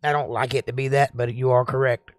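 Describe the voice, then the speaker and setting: A man's voice: mid-range voice, flat delivery, brisk, no echo, clean studio sound. A man from Georgia with a Southern accent, hosting a casual livestream, reading chat comments and rambling with jokes. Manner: rambling, joking, drawling. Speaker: livestream host.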